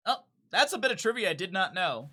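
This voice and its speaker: A man's voice: high voice, fast, breathy edge. Chatty young man casting a game. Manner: chatty, jumps from banter to excited play-by-play. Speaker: esports caster. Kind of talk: solo game commentary.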